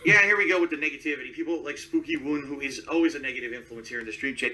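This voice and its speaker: A man's voice: medium pitch, quick pace, pushed and bright, recorded from a distance, rough recording. A man streaming live and talking to his chat, defensive and self-promoting.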